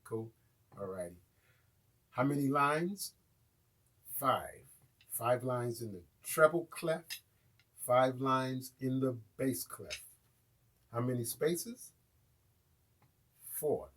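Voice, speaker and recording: Slow, husky American drum teacher. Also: male voice, medium pitch, a bit bright. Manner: casual, checks in with viewers often. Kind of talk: live online music lesson.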